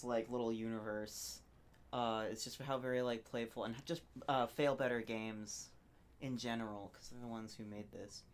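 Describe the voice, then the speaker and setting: A streamer in a relaxed live-stream chat at home, rambling with lots of fillers and reading game text aloud between asides. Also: mid-range voice, a little fast, slight background noise. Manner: rambling, chatty, frequent fillers and self-asides. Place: home, lounging on a couch.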